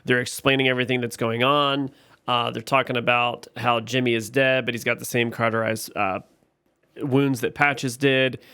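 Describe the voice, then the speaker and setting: A man co-hosting a podcast, recapping a TV episode scene by scene in casual chat, getting animated when he is frustrated. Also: mid-range voice, moderate pace, clear, resonant tone, no echo. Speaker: podcast co-host.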